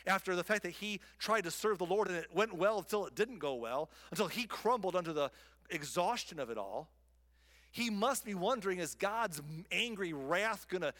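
A male pastor preaching a sermon, swinging from loud emphatic lines down to soft whispers. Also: high-pitched. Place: church sanctuary.

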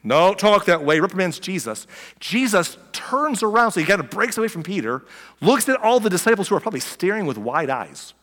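Male pastor, slightly high voice, animated storyteller, preaching in a reverberant hall. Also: brisk. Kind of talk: sermon.

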